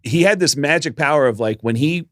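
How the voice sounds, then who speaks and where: A man's voice: on the high side, expressive, fairly quick, no room sound, studio quality. A middle-aged man co-hosting a podcast, telling a long story in casual chat, acting out the voices of the people he quotes and swearing now and then. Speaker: podcast co-host.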